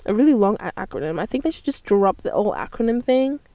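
A woman's voice: mid-range voice, sing-song, fast talker, mellow, no echo. A young woman, hosting a casual solo podcast in a bubbly, rambling way. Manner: bubbly and rambling, with frequent gasps and laughs. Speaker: podcast host.

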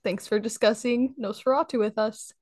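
A woman's voice: on the high side, fairly even intonation, moderate pace. Playful giggly woman podcast host. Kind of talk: casual podcast chat.

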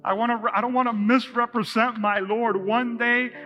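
A man's voice: extremely high pitch, fairly even intonation, moderate pace, dull audio, soft background music. A man preaching a live sermon as pastor, talking energetically and directly to his congregation in a church.

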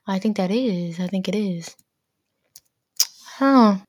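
A woman's voice: medium pitch, a little slow, darkish tone, no room sound. Blunt teenage girl ranting, dry sound. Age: teens. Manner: blunt, exasperated, heavy with "like" fillers and swearing. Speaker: podcast host. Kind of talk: casual solo rant.

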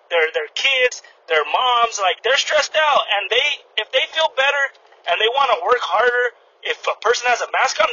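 A man's voice: very high-pitched, pushed and bright, breathy edge, lo-fi sound. A man hosting a podcast, telling a work story as a casual, profane rant and acting out both sides of the argument. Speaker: podcast host.

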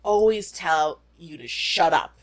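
A young woman co-hosting a podcast, telling stories in animated, casual chat and laughing often. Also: on the low side, measured pace. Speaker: podcast co-host.

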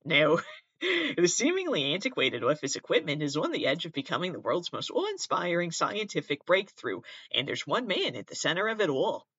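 A man's voice: fairly high pitch, wildly swooping pitch, normal speed, sharp tone, breathy edge, no room sound, muffled recording. A man with a Midwestern accent hosting his own podcast, reading aloud in a casual comedic way and often breaking into giggles and apologies. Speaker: podcast host.

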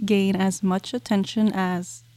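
A woman co-hosting a podcast, speaking in a calm and measured way. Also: medium pitch, no echo. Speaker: podcast co-host. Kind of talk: casual podcast discussion.

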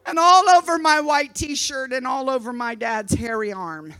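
A woman preaching a sermon, telling a story dramatically and breaking into loud, shouted exhortations. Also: sits high, lively intonation, unhurried, hardly any pauses, poor audio.

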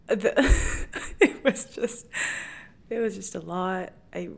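A woman's voice: medium pitch, takes it slowly, gravelly. A woman in her twenties hosting a podcast, telling a personal story in a candid, emotional way with many fillers. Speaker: podcast host. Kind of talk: personal monologue.

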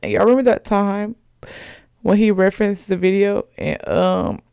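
A woman's voice: mid-range voice, normal speed, creaky, warm tone, clean tone, dry recording, studio quality. A young woman hosting a podcast in casual chat, gossipy and chatty, laughing often. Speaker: podcast host.

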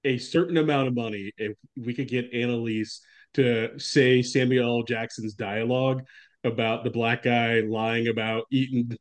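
A man co-hosting a casual movie podcast, joking excitedly and laughing often. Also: mid-range voice, moderate pace. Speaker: podcast co-host. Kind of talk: casual movie review chat.

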